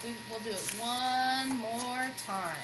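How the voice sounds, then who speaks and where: A woman's voice: on the high side, slow pace, background noise. Chatty woman leading an online rehearsal. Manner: upbeat, chatty, coaching. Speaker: band director. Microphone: video call. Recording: music playing in the background.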